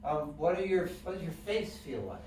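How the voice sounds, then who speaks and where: A man's voice: fairly high pitch, big pitch swings, moderate pace, a little mellow, a little hiss or hum. Man teaching a class in an echoey room. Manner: explains plainly, asks the class questions. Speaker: wellness instructor. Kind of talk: classroom lecture with guided breathing. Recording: echoey room, mic from a distance.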